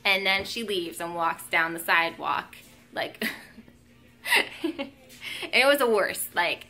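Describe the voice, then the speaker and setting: A woman's voice: on the low side, lively intonation, slow, sharp tone. A young woman vlogging at home, telling a story in a casual, emotional way, full of "um" and "like". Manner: emotional, lots of fillers like "um" and "like".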